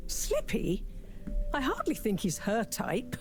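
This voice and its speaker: A woman's voice: on the high side, huge pitch swings, slow pace, faint music behind, full character voice. An actress playing a formal, analytical female professor in a video game, speaking in long, wordy phrases. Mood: measured.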